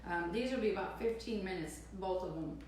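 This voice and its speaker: A chatty, playful woman walks through a live cooking demo, full of fillers and restarts. Her voice sits at an ordinary middle pitch and comes from some distance off the mic. The room is very echoey, with clear background noise and clicks. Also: brisk, darkish tone. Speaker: cooking show host. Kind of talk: live cooking demonstration, casual chat.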